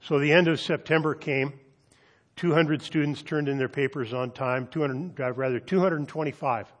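A pastor delivering a sermon. He reads scripture slowly and deliberately, then tells a story with animated emphasis. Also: fairly high pitch. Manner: measured, deliberate reading with dramatic pauses; animated storytelling, lifting his voice for quoted students.

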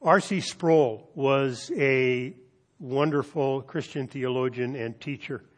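A man preaching from the pulpit, his voice set at an ordinary middle pitch. He reads scripture in a slow, deliberate way, with long pauses that let each phrase settle. When he turns to storytelling he grows more animated. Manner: measured, deliberate reading with dramatic pauses; animated storytelling, lifting his voice for quoted students. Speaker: pastor. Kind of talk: sermon.

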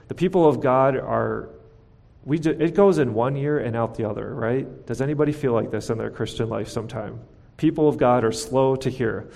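A man's voice: mid-range voice, creaky, a little mellow. A man preaching a sermon as a pastor, teaching earnestly and posing rhetorical questions to his congregation. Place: church sanctuary. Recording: church hall with long reverb.

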